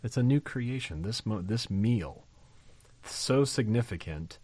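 Pastor, male, lower voice, dry close sound; preaches conversationally with emphasis, asks the congregation questions. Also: expressive, measured pace, a little mellow, breathy edge, no room sound. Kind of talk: sermon.

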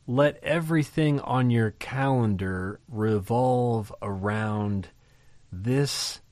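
A man's voice: lowish voice, darkish tone, no echo. A man preaching a sermon in a conversational, emphatic way, often putting questions to his listeners. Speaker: pastor.

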